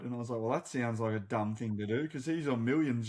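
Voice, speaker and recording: A man's voice: medium pitch, steady tone, brisk, few pauses, a little mellow. An Australian man co-hosting a casual chat, dry and teasing. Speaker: co-host.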